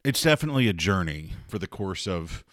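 A man's voice: deep voice, sing-song, a little fast, a bit bright, no echo, clean studio sound. A man co-hosting a book podcast, chatting frankly and swearing freely. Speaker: podcast co-host. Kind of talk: casual book discussion.

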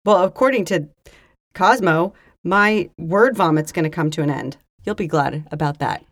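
A woman with a somewhat low voice chatting casually on a podcast, slangy and dismissive. Her voice is recorded close and dry. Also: moderate pace, no echo. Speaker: podcast co-host. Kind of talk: casual chat.

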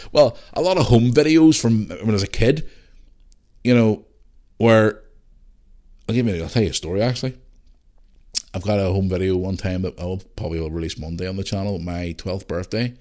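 A man from Belfast with a low, deep voice and a Northern Irish accent talks through listener questions on his solo podcast. His chat rambles loosely and is full of restarts and fillers, with the odd swear word thrown in. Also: fairly quick, mellow. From Northern Ireland. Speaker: podcast host.

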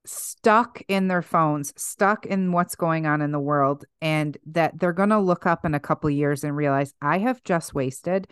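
A woman's voice: low-pitched, measured pace, hardly any pauses, smooth, no echo, clean studio sound. A woman co-hosting a faith podcast, talking in an emphatic, exhorting way with casual fillers. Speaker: podcast co-host.

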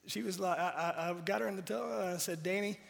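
A man's voice: high voice, quick pace, creaky, in a large hall. A man, a pastor preaching a sermon and pressing the congregation with emphatic rhetorical questions.

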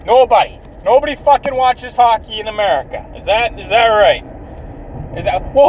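A man's voice: sits high, sing-song, moderate pace, a little mellow, distant mic, a little hiss or hum, poor audio. A man in his thirties from Canada ranting outdoors in a bitter, profane way, swearing constantly.

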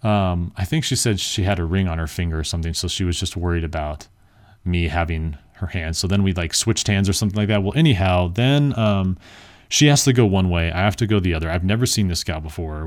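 Low-voiced young man telling a rambling story. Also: brisk. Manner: rambling, filler-heavy, self-deprecating. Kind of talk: casual storytelling monologue.

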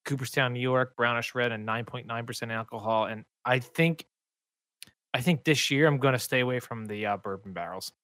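A man's voice: medium pitch, brisk, a bit bright, dry recording, studio quality. A man co-hosting a casual beer podcast, teasing and joking with his friends. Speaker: podcast co-host.

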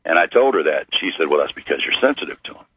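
Deep husky middle-aged guy telling his story, lots of uhs, dry phone-line sound. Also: sing-song, no echo. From Missouri. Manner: slow, halting with many fillers. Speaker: guest. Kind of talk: storytelling interview. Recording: tinny phone-like radio line.

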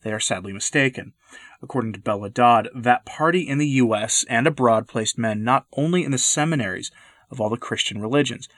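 A man hosting a podcast, reading scripted commentary in an earnest, measured, lecturing way. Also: mid-range voice, a bit bright, no room sound. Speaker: podcast host. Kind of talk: scripted commentary read aloud.

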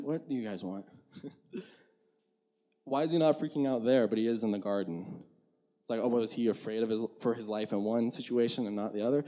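Young male pastor with a warm, mellow voice, preaching in an easygoing, chatty way. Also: mid-range voice. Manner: conversational, frequent "like" fillers, laughs at himself. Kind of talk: casual sermon.

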